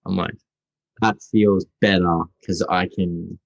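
A young Australian man, a guest actor, chatting casually in an interview, halting and restarting often. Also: low voice, flat delivery, creaky, no echo, dull audio. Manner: halting, full of restarts and fillers.

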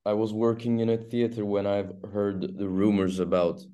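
A man from Turkey with a Turkish accent, an actor telling stories in an interview, halting and restarting as he goes. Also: lowish voice. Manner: halting, restarts often, animated storytelling. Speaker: actor guest. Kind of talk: casual interview storytelling.

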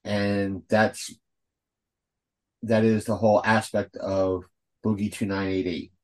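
A man co-hosting a podcast in casual chat, rambling and filling gaps with "uh" and "um," blunt and quick to swear. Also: lowish voice, flat delivery, a little mellow. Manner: rambling, heavy with fillers and restarts. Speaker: podcast co-host.

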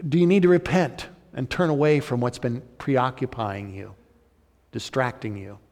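A man preaching a sermon as pastor, swinging from loud urgent emphasis to soft, intimate appeals. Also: medium pitch, moderate pace, in a large hall.

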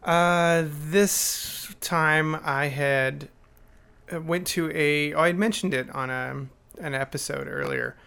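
Man, podcast co-host, gravelly voice, dry teasing, halting restarts. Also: on the high side, steady tone, pushed and bright. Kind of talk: casual chat.

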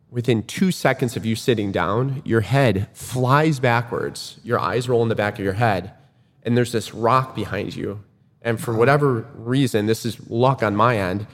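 A man casually retelling a race to a friend, acting out what people said. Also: medium pitch. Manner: animated retelling, acts out quoted lines. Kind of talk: casual storytelling chat. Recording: room with long reverb.

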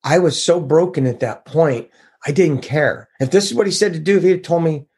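A man's voice: a little high, brisk, slightly rough. A middle-aged man telling his recovery story in an earnest, confessional way, acting out what others said to him. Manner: earnest, confessional, quotes others in lively voices. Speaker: recovery group member sharing his story. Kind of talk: personal recovery testimony.

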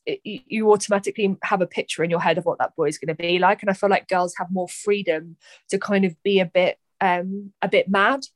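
A woman's voice: medium pitch, dry recording. A young woman, a poet, talking candidly and animatedly in a podcast conversation, often acting out quoted voices.

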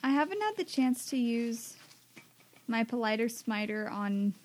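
Playful woman with a fairly high voice. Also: expressive, a little slow. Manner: chatty, playful. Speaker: player. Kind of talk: casual tabletop play.

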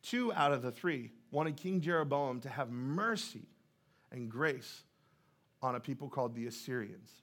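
A man's voice: mid-range voice, a bit bright. A male pastor preaching a sermon in a church, in a conversational way, often putting questions to the congregation.

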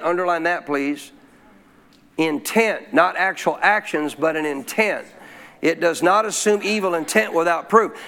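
High-pitched guy preaching, keeps asking the crowd questions, slows way down on the big points. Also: a bit bright. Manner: call-and-response preaching with frequent questions to the congregation; slows to stress key phrases. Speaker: pastor. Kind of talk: sermon.

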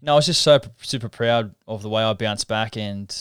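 A man tells his story in a reflective, earnest way. His voice is smooth and resonant, recorded close and dry. He stops and restarts often while he talks in a casual interview. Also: fairly low pitch, fairly quick, a bit bright, no room sound. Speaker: interview guest, professional rugby league halfback.

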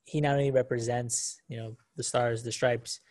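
A man co-hosting a podcast, chatting casually in a relaxed way, often stumbling over the first words of his sentences. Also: medium pitch, moderate pace. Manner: relaxed, with stammered restarts. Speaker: podcast co-host. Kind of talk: casual review chat.

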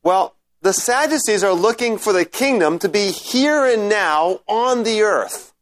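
Male scripture lecturer, a bit high-voiced, conversational, takes class questions. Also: expressive, a little slow. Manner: conversational, checks in with "right?"; reads scripture aloud, then explains. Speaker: Bible teacher. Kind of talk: informal lecture with Q&A.

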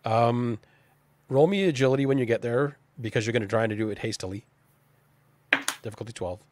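A man's voice: mid-range voice, a little fast, heavy background noise. Man running a pirate tabletop game. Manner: casual, chatty, laughs often, frequent restarts. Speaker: game master.

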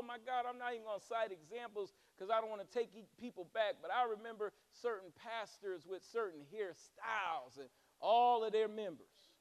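A man. He swings from fervent exhortation to playful, joking asides. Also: very high-pitched. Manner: preaching with rising fervor and humorous asides. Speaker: pastor. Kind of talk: sermon.

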